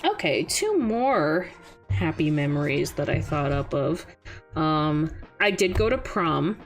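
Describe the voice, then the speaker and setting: A young woman streaming casual chat, an animated storyteller who laughs often. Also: sits low, slow pace, soft background music.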